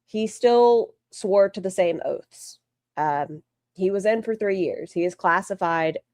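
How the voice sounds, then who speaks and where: A woman's voice: medium pitch, slow pace, darkish tone, no room sound, clean studio sound. A woman streamer giving casual livestream commentary, blunt and profane with a rambling delivery. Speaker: streamer commenting on online drama.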